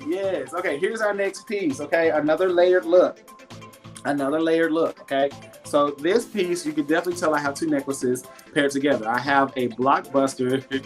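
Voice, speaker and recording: Chatty male live-stream seller, laughs a lot, churchy warmth, faint music behind. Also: a little high, fairly even intonation, moderate pace. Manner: chatty, laughs often, reads viewer comments aloud; warm and churchy, talks faith. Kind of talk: casual live sales stream.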